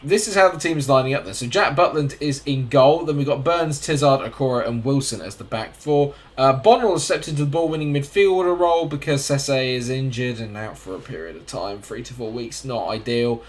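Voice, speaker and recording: A man's voice: medium pitch, brisk, few pauses. A man giving casual, chatty commentary on his own football management game, calling the action as it plays out. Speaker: gaming YouTuber.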